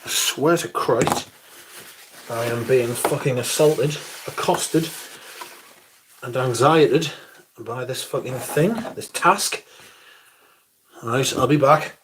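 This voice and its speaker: Guy on a livestream, middle pitch, sweary, theatrical, grumbly, slight hiss behind. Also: takes it slowly, long pauses. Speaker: livestream host. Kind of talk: casual livestream chat. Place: room at home, moving about while tidying.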